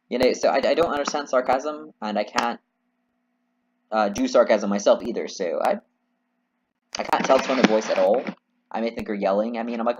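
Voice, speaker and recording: Rambling, candid low-voiced man. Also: lively intonation, fast talker, muffled recording, a little hiss or hum. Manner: rambling, candid, swears casually. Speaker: video game let's player. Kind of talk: casual gameplay commentary.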